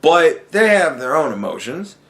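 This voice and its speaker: A man's voice: a little high, sing-song, unhurried, fairly bright tone. A man hosting a casual solo podcast, rambling along with lots of swearing and laughing asides. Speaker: podcast host.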